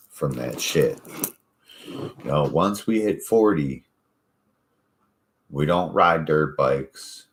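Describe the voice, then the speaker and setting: A man in his forties, a podcast host, telling stories in casual, profane chat. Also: rumbling low. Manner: profane, easygoing storytelling.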